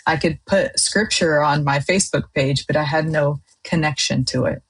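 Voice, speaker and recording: Podcast guest: middle-aged woman, husky low voice, animated storyteller voicing her past self. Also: moderate pace, rough recording. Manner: lively storyteller, acts out her own past outbursts. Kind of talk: testimony in casual chat.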